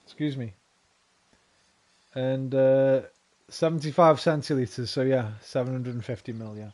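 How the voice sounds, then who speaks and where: A man's voice: mid-range voice, steady tone, measured pace, a little mellow. A young man giving casual, swear-filled commentary while playing a video game and talking back to it. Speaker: game streamer. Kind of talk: casual let's-play commentary.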